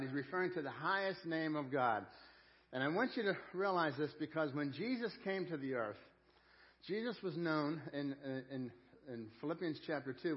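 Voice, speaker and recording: A man preaching a sermon as pastor, earnest, slowing down and repeating phrases for emphasis. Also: a little high, muffled recording.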